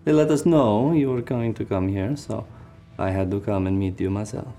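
A man's voice: lowish voice, normal speed, dark tone, faint music behind, lightly acted. A man voicing a welcoming female temple priestess who greets formally and sometimes restarts his phrasing.

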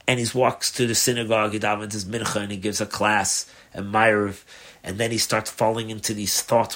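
A man, a rabbi, telling a story during a religious class, animated and chuckling along as he narrates. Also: lowish voice, a little fast. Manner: animated storyteller, acts out voices, chuckles at his own story.

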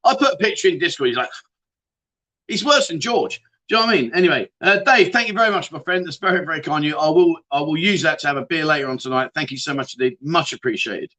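A man's voice: fairly high pitch, animated, fast, bright, forceful tone. A middle-aged man hosting a casual livestream, reading out viewer comments and bantering with them in a chatty, jokey way. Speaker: livestream host.

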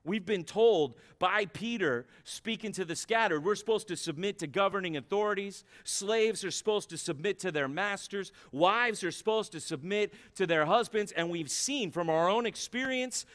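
A man's voice: high voice, moderate pace, few pauses, fairly bright tone. A man preaching a sermon as pastor, emphatic and repetitive. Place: church.

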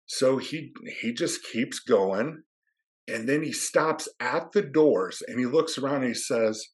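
A man's voice: mid-range voice, slow. A man, an athletic administrator, telling a story in a dry, understated way as a podcast guest.

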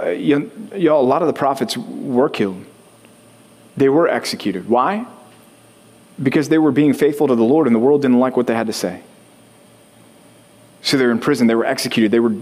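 A man's voice: medium pitch, moderate pace, long pauses, a little mellow. A man preaching a sermon as pastor, talking conversationally, putting questions to the congregation and building to rising intensity.

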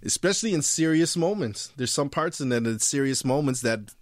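Man, filmmaker in interview, mid pitch, thoughtful with many restarts, dry close sound. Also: animated, fairly quick, dry recording. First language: not fluent in his heritage language. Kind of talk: interview conversation.

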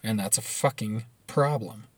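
A man's voice: fairly low pitch, unhurried, breathy edge, dry recording. A man giving blunt, profane, rambling commentary, often restarting his sentences.

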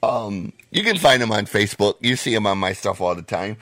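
An American man hosting a podcast in casual, profane chat, his voice hoarse and wearing out. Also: on the low side, expressive, brisk, a bit bright, no room sound. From United States. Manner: blunt, profane, laid-back. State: losing his voice. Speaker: podcast host.

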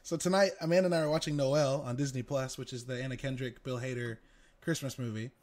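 A man's voice: medium pitch, fairly even intonation, fast talker, a crowd in the background. A man co-hosting a podcast in casual chat, telling stories animatedly and swearing freely. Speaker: podcast co-host.

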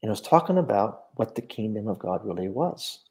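A minister recounting a personal spiritual experience in conversation, talking earnestly and with animation. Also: male voice, fairly low pitch, sing-song, fairly quick, creaky, darkish tone.

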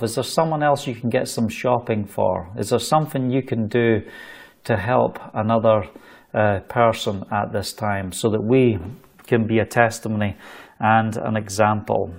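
Fervent Scottish preacher with gravelly voice. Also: male voice, medium pitch. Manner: fervent, exhorting, jokey asides. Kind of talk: sermon.

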